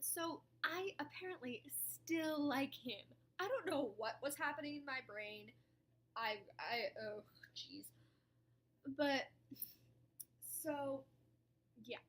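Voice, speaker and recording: High-voiced chatty young woman. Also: slow pace, long pauses. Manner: chatty, dramatic, swings between loud outbursts and soft mutters. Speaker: vlogger. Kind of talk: casual storytime chat.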